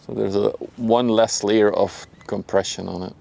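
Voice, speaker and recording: A man's voice: on the low side, moderate pace, vocal fry. A young man with a Dutch accent hosting a casual livestream outdoors by a river, chatting loosely with viewers and keeping his voice down at times. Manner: relaxed, chatty, laughs often, talks to chat by name; speaks softly at times to avoid disturbing people nearby. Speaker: livestream host. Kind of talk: casual live-stream chat.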